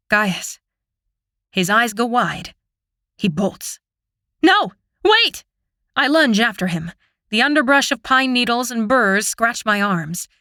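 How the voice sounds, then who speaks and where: A woman reading a fantasy audiobook in first person, with steady, immersive storytelling. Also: mid-range voice, no room sound, studio quality. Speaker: audiobook narrator.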